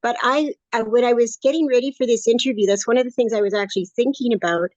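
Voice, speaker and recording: A woman's voice: a little high, fast, a little mellow, dry recording, dull audio. A woman in her late sixties, talking in a chatty, upbeat, rambling way as a guest in an interview. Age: 60s. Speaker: course student interviewee. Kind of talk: casual interview conversation.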